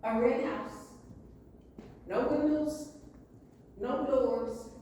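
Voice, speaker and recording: A woman's voice: sits high, drawn-out words, dark tone, slight background noise. A woman voicing a young farm boy who pleads earnestly with the farm animals for help. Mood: pleading. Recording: echoey hall, voice from far off.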